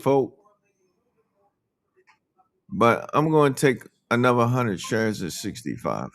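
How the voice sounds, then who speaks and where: Animated man narrating his live trades. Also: mid-range voice, slow, pauses often, no room sound. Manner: animated, chatty, talks to the market out loud. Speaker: day trading coach. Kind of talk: live trading commentary.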